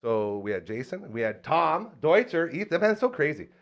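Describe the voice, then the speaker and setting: A man hosting a relaxed podcast who tells his stories with real animation. He swings into other voices for the quotes and keeps the chat loose and casual. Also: a little high, moderate pace, lo-fi sound. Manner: animated storyteller, acts out quotes. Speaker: podcast host.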